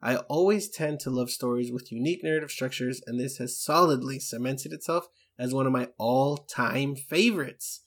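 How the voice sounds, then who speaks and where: A man's voice: medium pitch, moderate pace, hardly any pauses. An English man co-hosting a podcast, chatting enthusiastically and reading out listener emails. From England. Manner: enthusiastic, chatty, with many fillers. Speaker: podcast co-host.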